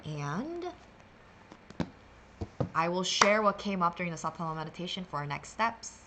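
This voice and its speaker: A woman's voice: lowish voice, lively intonation, moderate pace, very noisy. A woman hosting a meditation livestream, talking casually and sassily through a card reading, rambling with playful filler sounds.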